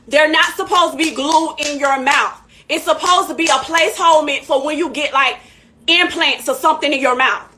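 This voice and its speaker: A woman's voice: high voice, bright, forceful tone. A woman hosting a live stream in casual chat, heated and emphatic, repeating her points. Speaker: livestream host.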